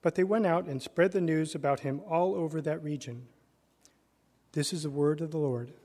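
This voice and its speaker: A man reading a Bible passage aloud to a congregation in a measured, plain way, in a church. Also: on the high side, dark tone. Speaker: scripture reader. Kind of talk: scripture reading. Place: church sanctuary. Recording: long reverb of a church sanctuary.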